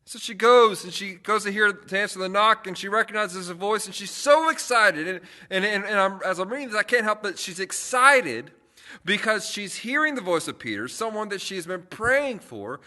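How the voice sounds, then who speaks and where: A man's voice: sits high, expressive, normal speed, pushed and bright. A young man, a youth pastor, chatting casually on a livestream and telling stories with lots of fillers and restarts.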